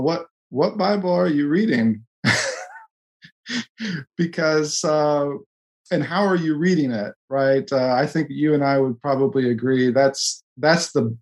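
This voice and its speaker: A man from the Coast, talking in an earnest, self-deprecating, halting way as a podcast co-host in a casual discussion. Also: mid-range voice, darkish tone. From US West Coast.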